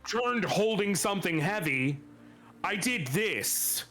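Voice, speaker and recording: A man in his thirties with a fairly high voice joins the stream chat. He tells emphatic anecdotes with some swearing and speaks straight to the listeners, over faint background music. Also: animated, takes it slowly, fairly bright tone. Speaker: stream co-host.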